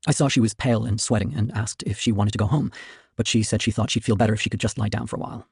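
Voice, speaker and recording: Fast gravelly man reading aloud. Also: on the low side, fairly even intonation, a little mellow, no room sound, clean studio sound. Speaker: streamer reading a novel. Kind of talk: casual reading aloud of a novel.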